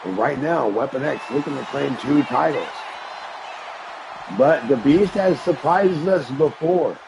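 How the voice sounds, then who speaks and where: A man doing hyped play-by-play commentary on a live-streamed wrestling game, rising into shouts on big moments. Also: a little high, measured pace, creaky, noisy background. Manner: hyped announcer delivery that rises to shouts.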